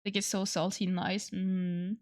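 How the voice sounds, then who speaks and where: A woman's voice: mid-range voice, little pitch movement, a little slow, darkish tone. A young woman from France, chatting casually with viewers on a livestream, playful and swearing freely. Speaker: streamer.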